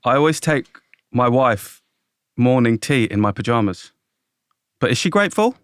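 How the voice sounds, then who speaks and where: A man's voice: medium pitch, sing-song, moderate pace, clean tone, no room sound. A man co-hosting a casual podcast chat, telling jokes in a dry, teasing way. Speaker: podcast co-host.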